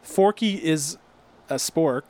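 Rambling, slightly high-voiced man podcast host. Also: slow, darkish tone. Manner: rambling, restarts often, upbeat. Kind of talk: casual chat.

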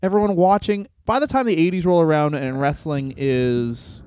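A man co-hosting a podcast, rambling and joking in casual chat, now and then slipping into quick impressions. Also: fairly high pitch, darkish tone, smooth, no echo. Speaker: podcast co-host.

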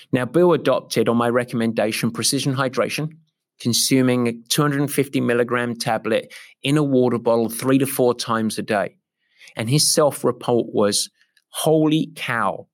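A middle-aged man, an endurance coach, explaining a training approach with emphatic, repetitive enthusiasm. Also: medium pitch. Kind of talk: podcast-style coaching explanation.

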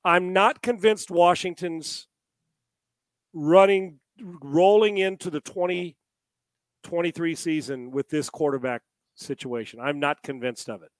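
A man's voice: on the high side, measured pace, dry recording. A man co-hosting a casual sports talk show, rambling and firing off rhetorical questions.

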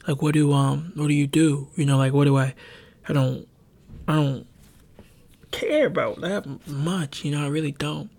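Gravelly young man rambling into a mic. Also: on the high side, fairly even intonation, moderate pace, a little mellow. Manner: rambling, hesitant, full of ums and self-corrections. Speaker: podcast host. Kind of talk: solo confessional podcast talk. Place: home bedroom. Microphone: close desk microphone.

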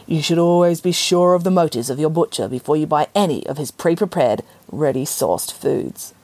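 A woman voicing a dry, sardonic grandmother telling her grandchildren a story in a deadpan, mock-serious way. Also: low-pitched, moderate pace, no room sound.

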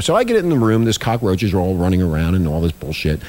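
A man's voice: on the low side, big pitch swings, fast talker, few pauses, a little mellow. A man hosting a talk show, telling a crude story in a rambling, profane way that repeats itself. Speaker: podcast host.

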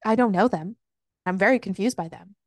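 A woman co-hosting a casual book podcast, retelling a plot with lots of swearing and quick put-on quotes of the characters. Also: medium pitch, no echo. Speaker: podcast co-host. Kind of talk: casual book-review chat.

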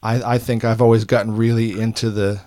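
A man's voice: lowish voice, flat delivery, a little fast, warm tone, no echo, studio quality. A man hosting a podcast, talking casually and enthusiastically with a friend, often restarting his sentences. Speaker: podcast host. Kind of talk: casual chat.

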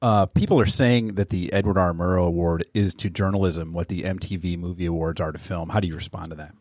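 Low-voiced man asking mock-serious questions. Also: steady tone, brisk, a little mellow, no room sound. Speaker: podcast co-host.

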